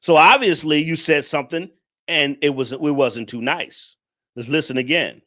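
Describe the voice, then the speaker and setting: A man's voice: on the high side, normal speed, sharp tone. A man hosting a reaction commentary, lecturing viewers and repeating his points in a preachy way. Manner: addresses the audience directly. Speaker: commentary host.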